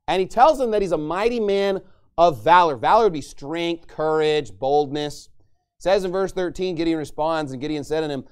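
A man's voice: on the high side, animated, moderate pace, darkish tone, smooth. A man preaching a sermon, teaching a Bible passage in a conversational way and acting out the quoted lines with a raised voice.

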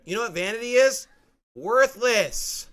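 High, bright, forceful male preacher. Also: expressive, unhurried. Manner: forceful, emphatic preaching with rising outbursts. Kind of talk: sermon.

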